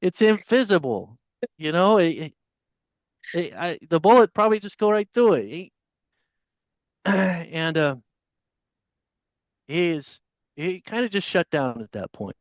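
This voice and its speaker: A man telling a story on a podcast as a guest. He is casual and animated, and he acts out the voices of the people in his tale. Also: fairly high pitch, a little slow, long pauses, no room sound. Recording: dull, dry lo-fi audio.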